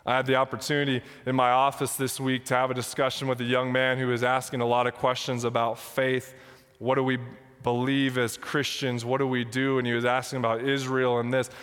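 Young guy pastor preaching, all fired up and emotional, mid-pitch voice, long church reverb. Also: completely flat delivery, brisk, a bit bright, clear, resonant tone. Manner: passionate, emotional, near tears. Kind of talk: sermon and prayer. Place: church sanctuary.

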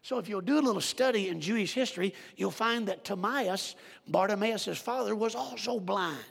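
High gravelly preacher in a big echoing hall. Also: male voice, normal speed. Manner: animated storytelling, direct address. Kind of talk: sermon. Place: church.

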